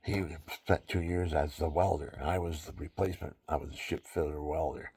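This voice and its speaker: Gravelly, low-voiced old man rambling. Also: fairly even intonation, fairly quick, darkish tone. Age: 70s. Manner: rambling and digressive, chuckling at his own asides. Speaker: veteran speaking his mind. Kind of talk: rambling casual monologue.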